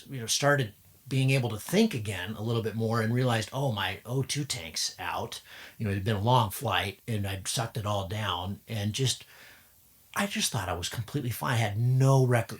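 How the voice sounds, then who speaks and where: A man hosting a podcast, telling a paragliding story in a casual, animated, self-mocking way. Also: mid-range voice. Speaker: podcast host and paraglider pilot.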